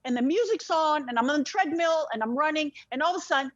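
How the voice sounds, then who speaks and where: A woman, an interview guest, telling a very personal story in an animated way, swearing freely and often restarting her sentences. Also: high-pitched, fast, no echo. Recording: dull lo-fi dry sound.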